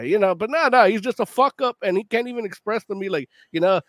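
Late-30s male podcast co-host, high-pitched, profane and animated, dry close mic. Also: fast talker, hardly any pauses, no echo. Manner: profane, animated, laughs often. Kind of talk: casual chat.

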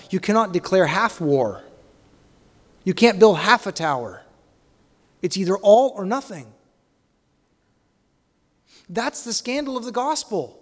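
A male preacher delivers his sermon with a slightly higher voice than most men. He leans on rhetorical questions and swings between forceful emphasis and hushed asides. His voice carries a long reverb, as if he stands in a large hall.

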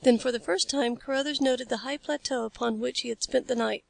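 A woman narrating an adventure novel in a steady, even reading voice. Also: on the high side, a little fast, creaky, dry recording. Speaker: audiobook reader. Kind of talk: scripted narration.

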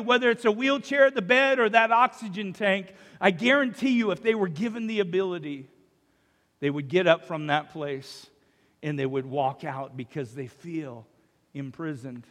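American pastor guy preaching, high voice, long church echo, goes quiet then loud. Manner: storytelling with many restarts, swings from hushed to loud. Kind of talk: sermon. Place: church sanctuary.

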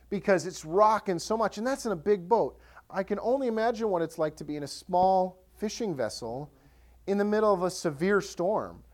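In his sermon, this high-voiced male pastor brings his stories to life, animatedly performing the voices of each character.

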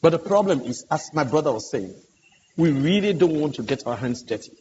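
Male pastor panelist, fairly high voice, earnest storyteller; dull, hissy hall recording. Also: animated, fairly quick, a little mellow. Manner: earnest, emphatic retelling of dialogue. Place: large conference hall. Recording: dull, echoey conference hall audio with hiss.

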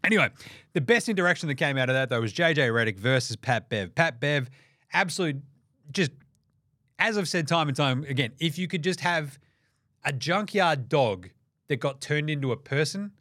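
A man's voice: fairly high pitch, lively intonation, moderate pace, sharp tone, dry recording. A young Australian man hosting a sports podcast, ranting in a profane, mocking way on a close mic. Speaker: podcast host. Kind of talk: casual sports rant.

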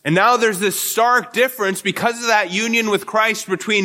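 A man's voice: sits high, fairly even intonation, moderate pace, sharp tone. A male pastor giving an earnest expository sermon, often repeating words as he restarts his phrases.

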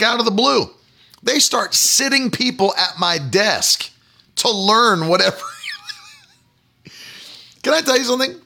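Lively high-voiced preacher man. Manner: animated, laughing storyteller. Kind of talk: sermon with personal story.

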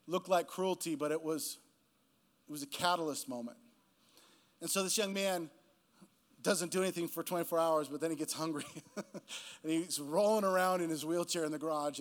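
A male guest pastor preaching a sermon, telling a story in a casual way and building to a slow, emphatic close. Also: fairly high pitch.

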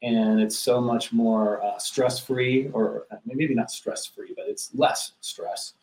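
An earnest man hosts a relaxed business conversation. His voice sits in an ordinary middle pitch, and he often restarts sentences with repeated words. The room around him has a noticeable echo. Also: takes it slowly. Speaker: podcast host. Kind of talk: casual business chat.

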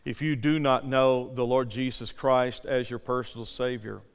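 Impassioned pastor in a reverberant hall. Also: male voice, medium pitch, flat delivery, moderate pace, smooth. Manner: swings from loud impassioned pleading to hushed near-whispers. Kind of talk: sermon with altar call.

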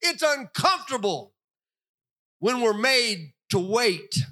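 An older man preaching a sermon, animated and storytelling, acting out the voices he quotes. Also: extremely high pitch, slow. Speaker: pastor.

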